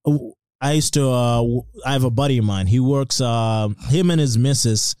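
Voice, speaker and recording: A man's voice: mid-range voice, moderate pace, a little mellow, clear, resonant tone, no room sound. Crude laughing man, dry mic. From Queensland, Australia. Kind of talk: casual banter.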